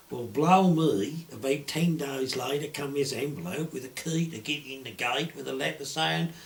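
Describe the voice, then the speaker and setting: An older man with a broad Suffolk accent, telling rambling poaching tales in earthy, rural dialect with casual swearing. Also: medium pitch. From Suffolk, England. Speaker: storyteller. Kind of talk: rambling anecdotal storytelling.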